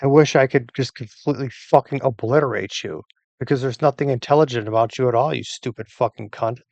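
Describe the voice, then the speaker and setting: At home at his computer, a man furiously rants at an AI assistant, hurling profanity and insults. His medium-pitched voice is fairly quick and a little mellow, with vocal fry and no room sound.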